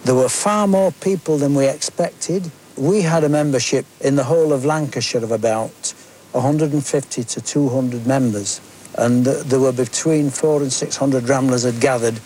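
A man's voice: medium pitch, a little mellow, slight background noise. An older man recalling past events in a plain, matter-of-fact way in an archive interview. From Manchester area, England. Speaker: archive interviewee, former organiser. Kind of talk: recorded reminiscence.

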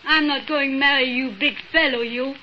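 Woman voicing coy young immigrant woman, broken English, high voice, muffled old radio. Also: fairly even intonation, normal speed, close to an everyday voice. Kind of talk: 1940s radio acting. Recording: muffled old radio recording, faint hiss.

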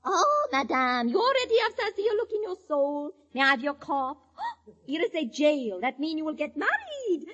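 A woman's voice: extremely high pitch, big pitch swings, brisk, hardly any pauses, sharp tone, muffled recording, voice pushed up, full character voice. A woman voicing a fake fortune-teller who speaks in stilted, broken English for a 1940s radio comedy. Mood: mystical. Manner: broken, stilted theatrical speech.

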